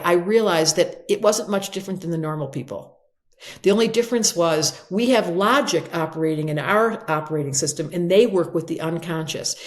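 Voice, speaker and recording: An older woman, an astrologer guest in an interview, telling stories expressively and acting out quotes in brighter voices. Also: medium pitch. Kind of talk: animated interview storytelling.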